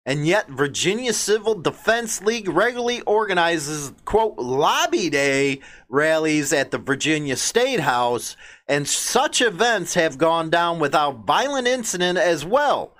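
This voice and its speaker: A man's voice: a little high, fairly bright tone. A man with a Chicago accent hosting a biker news show, giving blunt, combative commentary and mocking asides while he reads news quotes aloud.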